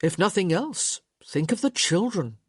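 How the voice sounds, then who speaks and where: A woman's voice: lowish voice, very animated, unhurried, breathy edge, no room sound, studio quality, heavily acted. A woman reading a teasing, flippant young brother. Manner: teasing and flip.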